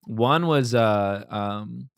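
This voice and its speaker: A man's voice: lowish voice, very slow, vocal fry, smooth, dry recording, clean studio sound. A man from Los Angeles, a comedian guest, telling stories in a loose, rambling way, full of "like" and "dude". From Los Angeles, USA. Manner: rambling, slangy, lots of "like" and "dude". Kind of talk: casual storytelling chat.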